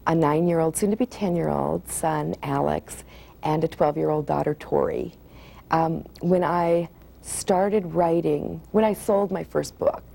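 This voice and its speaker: An American woman author who reads aloud from her novel and talks about her writing in a chatty way, with frequent fillers. Her voice is low and mellow, with some gravel and a husky edge.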